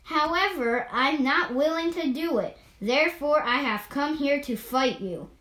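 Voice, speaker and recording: A woman voicing a calm, confident male panda who speaks simply and firmly, in a storybook reading. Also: high-pitched, a little slow, reverberant. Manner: calm and plain-spoken.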